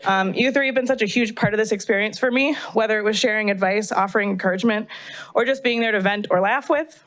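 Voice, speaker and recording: A woman's voice: medium pitch, fast, fairly bright tone. An American woman, a municipal clerk, giving an earnest thank-you speech at a council meeting, a little emotional. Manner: earnest, slightly emotional, clears throat.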